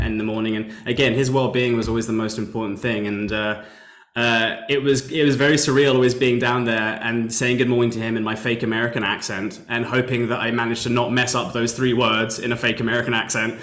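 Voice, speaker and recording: A man's voice: mid-range voice, a bit bright. A British man, an executive producer, answering questions in an interview and laughing easily. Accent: British English. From Britain. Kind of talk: video call interview. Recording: roomy echo.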